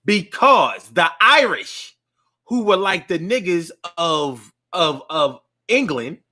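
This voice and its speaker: Rambling man with a fairly high voice. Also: big pitch swings, slow pace, sharp tone. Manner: rambling, with frequent restarts and filler. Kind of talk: casual monologue.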